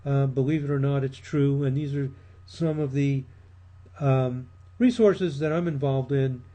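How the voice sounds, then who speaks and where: A man giving a measured recorded lecture on research practice, pausing with frequent ums and small restarts, his voice a little strained. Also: mid-range voice, fairly even intonation, dark tone. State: losing his voice.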